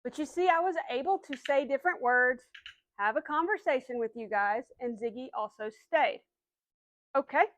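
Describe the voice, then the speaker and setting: A woman's voice: high-pitched, moderate pace, a bit bright, dry recording, low-quality recording. A woman dog trainer patiently explaining commands step by step, then giving the dog short firm cues. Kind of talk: instructional dog training demo.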